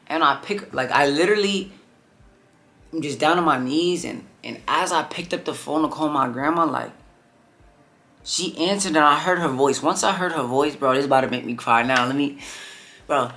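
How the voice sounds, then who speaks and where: A young man tells a story to his vlog audience in a loose, rambling way, leaning on "like" and "bro" between phrases. His voice sits a little higher than most men's. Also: moderate pace, pushed and bright. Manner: rambling, heavy on filler "like" and "bro". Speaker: vlogger.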